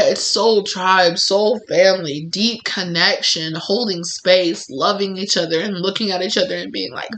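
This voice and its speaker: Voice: medium pitch, fairly even intonation, a little slow, few pauses, a bit bright. A tarot reader giving a casual pick-a-card reading, rambling and effusive, with many "like"s and restarts.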